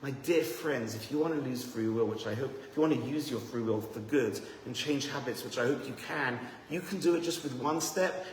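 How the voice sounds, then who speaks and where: Man, rabbi, seminar talk, animated anecdotes, repeats words as he goes, roomy hall, faint background noise. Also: mid-range voice, moderate pace, hardly any pauses. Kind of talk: lively storytelling talk to a live audience. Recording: echoey hall with faint ambience.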